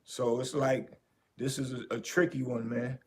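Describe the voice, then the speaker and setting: A podcast host talking in a casual, animated way, repeating his points for emphasis. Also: medium pitch, unhurried. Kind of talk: casual commentary.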